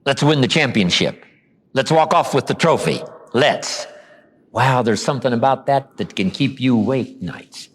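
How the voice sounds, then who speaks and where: A man giving a motivational seminar lecture. He tells stories, acts out quoted lines, and slows down and drops low for emphasis. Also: lively intonation, breathy edge. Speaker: motivational speaker.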